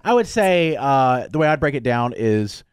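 A man's voice: mid-range voice, very animated, moderate pace. A man hosting a morning radio show, running the segment with playful, teasing banter. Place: radio studio.

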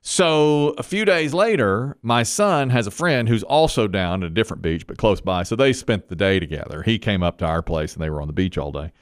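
A man's voice: lowish voice, brisk, few pauses, no echo, clean studio sound. A man hosting a talk show, telling a story casually and animatedly. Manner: animated storyteller, laughs often.

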